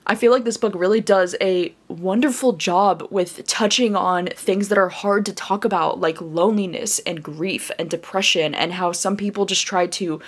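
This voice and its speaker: A woman in a casual reading vlog who talks in a chatty, gushing way. She leans on fillers and restarts as she thinks aloud. Her pitch sits in a middle range for a woman. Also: moderate pace, few pauses. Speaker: book vlogger.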